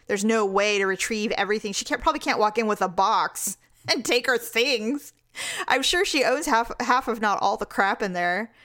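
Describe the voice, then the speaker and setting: A woman co-hosting a casual gossip chat, telling stories in an animated, sarcastic way. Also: a little high, moderate pace, no echo, clean studio sound. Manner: chatty, sarcastic, animated storytelling. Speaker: podcast co-host.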